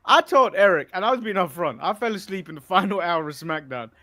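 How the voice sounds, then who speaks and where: A man's voice: high-pitched, expressive, fairly quick, bright, forceful tone. A man from England co-hosting a wrestling podcast in casual chat, delivering mock-serious rants. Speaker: podcast co-host.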